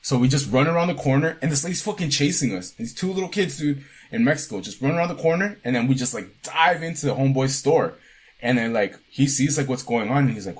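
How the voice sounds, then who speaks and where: Husky-voiced laid-back man telling a story. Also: mid-range voice, expressive, brisk. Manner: casual and profane, laid-back. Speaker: podcast co-host. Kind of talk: casual chat, storytelling.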